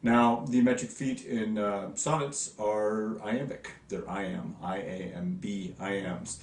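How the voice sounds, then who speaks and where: A man teaching a recorded lesson to his class, lively and demonstrative, sounding out stresses. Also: fairly low pitch, takes it slowly, roomy sound, recorded from a distance, slight background noise. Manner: lively, demonstrative, sing-song stress demos.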